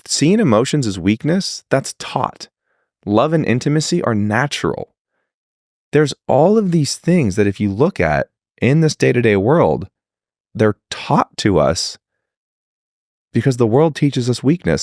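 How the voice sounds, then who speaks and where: A man speaking as a podcast guest in casual conversation, animated and blunt, swearing freely and acting out quoted dialogue. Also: medium pitch, unhurried, no echo, studio quality. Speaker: podcast guest, leadership mentor.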